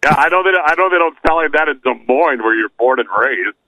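A man co-hosting a podcast in casual comedy chat, relaxed and storytelling, often repeating words as he starts a thought. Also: a little high, a little fast, no echo, rough recording. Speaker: podcast co-host.

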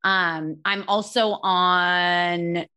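A woman chatting as a podcast guest, talking fast and restarting her sentences as her thoughts run ahead. Her voice sits slightly low for a woman. She is often self-deprecating and laughs at herself. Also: fairly even intonation, pushed and bright, clean tone. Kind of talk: casual conversational interview.

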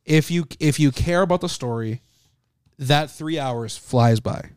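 A man co-hosting a podcast in casual chat, joking and animated, swearing freely. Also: fairly high pitch, a little slow, clear, resonant tone, dry recording, clean studio sound. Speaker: podcast co-host.

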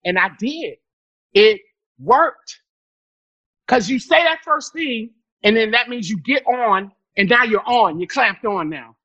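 A woman comedian telling animated, profane stories as a podcast guest, breaking into loud laughter. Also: on the high side, slow, dry recording, lo-fi sound. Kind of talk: storytelling in a podcast interview.

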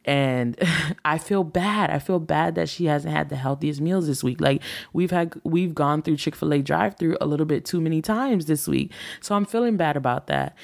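A woman in her thirties who hosts a relationship talk show speaks in a candid, reflective monologue that rambles with fillers. Her voice is deep and gravelly.

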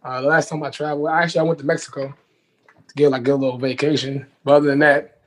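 A young man from New York, a guest DJ, speaking hoarsely in a laid-back way and often saying "you know what I'm saying.". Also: a little high, little pitch movement, quick pace. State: hoarse from lost voice. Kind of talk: casual interview.

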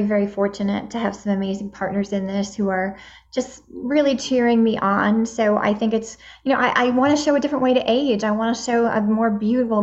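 A woman around sixty appears as a guest, a midlife empowerment advocate answering interview questions in an upbeat, motivational way. Her voice is on the high side with a darkish tone, and the recording has a dull lo-fi sound.

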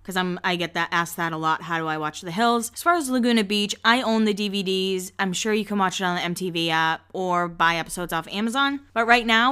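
A woman's voice: medium pitch, fairly bright tone, smooth. A woman hosting a podcast, chatting casually and gossiping about reality TV. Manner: chatty, gossipy, quick asides. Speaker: podcast host. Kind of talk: casual pop-culture recap.

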